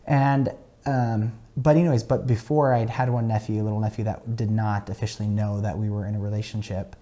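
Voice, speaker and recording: A young man speaks on a podcast in a mellow, warm tone as he tells a family story. He is chatty and animated, and his speech is full of fillers and quick restarts. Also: lowish voice. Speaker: podcast guest. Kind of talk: casual storytelling.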